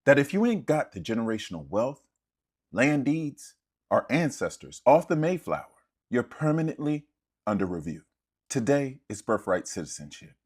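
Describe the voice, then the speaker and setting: A man's voice: medium pitch, sing-song, normal speed, a little mellow, husky. A man giving impassioned, preacher-like spoken commentary in punchy, profane rhetorical lines.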